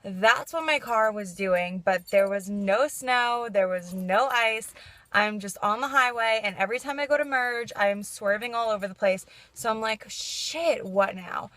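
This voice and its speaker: A woman's voice: mid-range voice, normal speed, fairly bright tone, no echo. A young woman vlogging in a casual, chatty way, saying "like" constantly and laughing through her frustration. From New York. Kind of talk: casual vlog chat.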